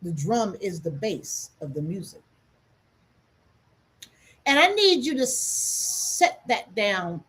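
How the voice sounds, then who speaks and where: A woman's voice: medium pitch, slightly rough. A woman teaching in an impassioned, emphatic way on a livestream, repeating phrases for effect. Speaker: spiritual teacher hosting a livestream. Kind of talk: impassioned spoken lesson.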